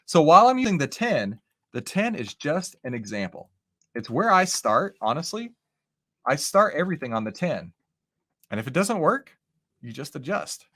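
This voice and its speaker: A man hosting a live stock-trading stream, chatting casually to viewers as he walks through charts and often asks "right?". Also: mid-range voice. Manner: lively, animated, talks with chat and charts; says "right?" and "okay?" often. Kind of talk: casual live market commentary.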